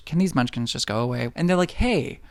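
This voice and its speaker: A man's voice: mid-range voice, a little hiss or hum. A man giving a comedic, sarcastic movie recap, slipping into put-on voices for the characters. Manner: sarcastic, rapid-fire jokes with put-on quote voices.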